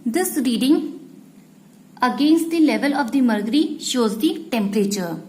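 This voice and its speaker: A woman teacher, explaining a lesson to students slowly and repeating each point. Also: a little high, lively intonation, mellow, poor audio. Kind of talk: slow classroom explanation.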